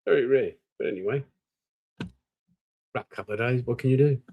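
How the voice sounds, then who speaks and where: A man's voice: mid-range voice, normal speed, dull audio, a little hiss or hum. An older Australian man, tired, hosting a live stream and rambling casually while greeting viewers. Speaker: livestream host.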